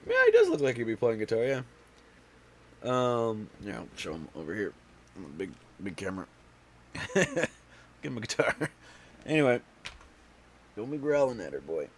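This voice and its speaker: A man's voice: medium pitch, wildly swooping pitch, moderate pace, long pauses, a little hiss or hum. A man hosting a casual home livestream, stuffy and out of breath, talking in a tired, rambling way full of fillers and restarts. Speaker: livestream host.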